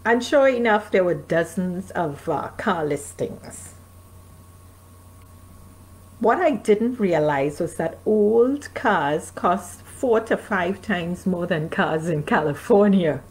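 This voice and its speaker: Reading her own memoir to a live audience streaming from her home, a North American author occasionally stops to chat with them. She speaks slowly yet animatedly in a lowish, slightly mellow voice, and the recording is of low quality.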